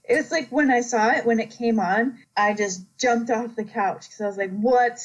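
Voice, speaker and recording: A woman chatting casually as a podcast guest, animated, laughing often and acting out quotes. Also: on the high side, moderate pace, highs cut off. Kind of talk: casual chat.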